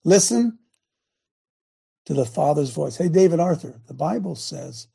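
Gravelly-voiced man preaching to viewers. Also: fairly high pitch, measured pace. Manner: animated, talks straight to viewers with repeated questions; restarts and stumbles often. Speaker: host of an online faith show. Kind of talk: casual preaching to a live online audience.

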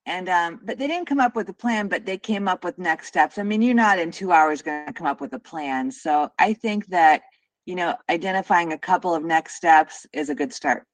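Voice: medium pitch, moderate pace, dry recording. A caller talking casually and a bit hesitantly.

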